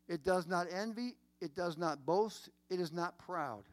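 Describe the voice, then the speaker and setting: A man's voice: sits high, no room sound. Man preaching a sermon, keeps repeating for emphasis, dry close sound. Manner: emphatic, repetitive preaching with dramatic pauses. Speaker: pastor.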